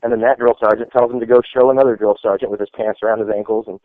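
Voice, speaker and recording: Very fast and fairly low, with a steady tone, a man who was in the army tells easygoing, wandering stories stuffed with "like" and "you know." Everything sounds dry and tinny, as if over a phone.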